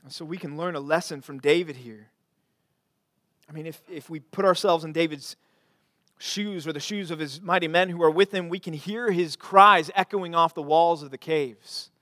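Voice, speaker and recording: High-voiced preaching man, dry sound. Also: moderate pace, dry recording. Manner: earnest preaching, swings from quiet to emphatic; repeats phrases for emphasis. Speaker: pastor. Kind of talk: sermon.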